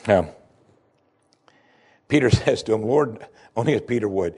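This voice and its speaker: Husky, animated male preacher. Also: unhurried. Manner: animated preaching, voice climbing high for emphasis. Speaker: pastor. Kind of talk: sermon.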